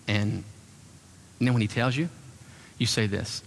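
A man's voice: mid-range voice, normal speed, vocal fry, long pauses. A man preaching as a pastor, telling stories and acting out the voices of the people he quotes. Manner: animated, acts out quoted voices. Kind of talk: sermon with storytelling. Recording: long hall reverb.

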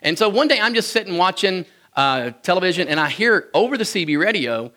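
High-pitched and sharp-toned, this Kentucky man swings widely in pitch as he races through funny childhood memories with hardly a pause. His storytelling to the crowd is folksy and joking, punctuated by frequent chuckles.

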